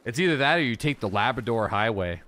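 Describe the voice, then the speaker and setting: Animated man streaming. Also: mid-range voice. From Atlantic Canada. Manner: animated, swearing, quick to laugh. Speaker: game streamer. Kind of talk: casual livestream chat while gaming.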